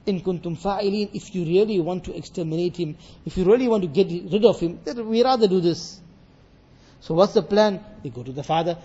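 A man giving a sermon on a Quran passage, reciting verses and explaining them with lively acted dialogue. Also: high-pitched, racing, husky, lo-fi sound. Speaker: Islamic scholar teaching Quran commentary.

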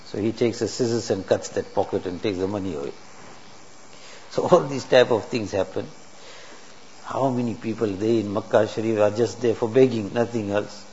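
This Islamic preacher has a lowish, warm voice. Delivering a sermon to his mosque congregation, he teaches earnestly by posing rhetorical questions, captured on a dull lo-fi recording with faint hiss.

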